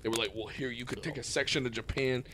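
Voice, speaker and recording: A man's voice: medium pitch, steady tone, quick pace, pushed and bright, a little hiss or hum. A man co-hosting a podcast, talking loosely and profanely in casual chat about a film. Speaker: podcast co-host.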